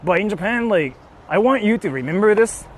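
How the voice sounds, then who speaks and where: Young guy streaming from his car, animated and swears a lot, faint road hum behind. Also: sits high, brisk. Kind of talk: casual live-stream chat reading donations.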